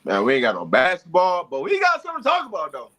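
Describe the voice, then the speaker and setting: A man's voice: high voice, huge pitch swings, quick pace, a bit bright. A man co-hosting a live-stream sports talk show, emphatic and pushing the talk forward. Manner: emphatic, pushing the discussion along.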